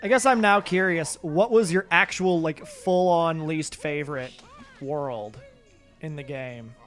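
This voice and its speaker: A man streams gameplay live in a bright-ish, somewhat high voice at a measured pace. He talks to his viewers in a loose, meandering way, teasing himself and occasionally cursing. Faint game music can be heard.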